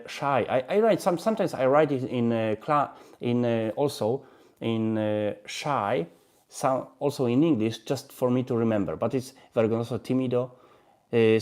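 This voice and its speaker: Hosting a casual language-learning live stream, a non-native English speaker with a Polish accent works through his flashcards in a fairly low, slightly mellow voice. His speech is halting, with repeated and restarted phrases and frequent chuckles.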